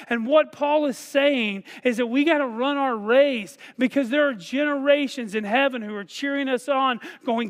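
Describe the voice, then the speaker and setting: A man preaches in a high voice, earnest and urging, swelling into loud repeated calls. His sermon carries a long hall reverb from a church livestream. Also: normal speed, hardly any pauses. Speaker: pastor. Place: church sanctuary.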